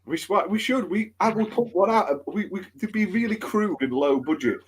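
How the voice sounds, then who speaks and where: A man co-hosting a gaming podcast, excitable and tripping over his words in casual banter. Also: high voice, moderate pace, breathy edge. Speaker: podcast co-host.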